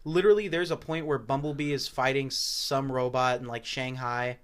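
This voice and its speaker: Bright-voiced young man, rambling podcast banter. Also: mid-range voice, normal speed, smooth. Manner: rambling, animated storytelling with goofy put-on voices. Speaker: podcast co-host. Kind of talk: casual chat.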